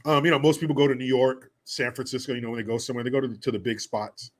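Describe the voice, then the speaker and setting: A man's voice: mid-range voice, fairly even intonation, very fast. A man hosting a livestream, chatting casually and reading viewer donations with crude, profane jokes. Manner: crude, joking, profane banter. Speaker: livestream host.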